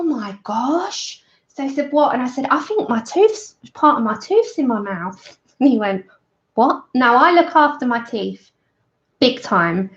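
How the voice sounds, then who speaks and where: A woman chats through a colouring livestream. She tells a mishap as an animated story, voicing everyone in it and laughing along. Her voice sits a little high and comes through a somewhat dull, muffled recording. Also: gravelly. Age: 30s. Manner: chatty, laughs often, acts out her own story in quoted voices. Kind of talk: casual chat while colouring on a livestream.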